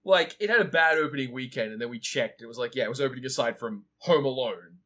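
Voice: mid-range voice, fast. A podcast co-host with a wry manner, walking through facts in a casual chat. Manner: wry, animated storyteller.

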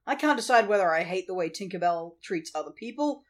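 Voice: medium pitch, lively intonation, brisk. A podcast co-host in a casual movie review chat, blunt and sweary, laughing often.

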